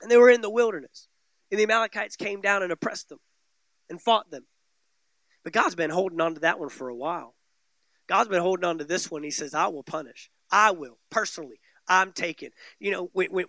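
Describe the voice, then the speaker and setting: A man preaching a sermon with emphatic, repetitive phrasing that swings between loud, stressed declarations and quiet, low passages. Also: no echo. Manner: emphatic preaching, repeating phrases with rising and falling intensity. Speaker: pastor.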